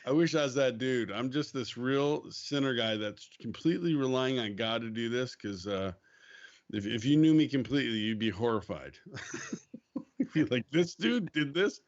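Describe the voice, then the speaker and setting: A man speaking as a guest on a faith podcast, telling a story in a casual, animated way, acting out quoted lines and laughing easily. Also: mid-range voice, normal speed, dull audio. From United States.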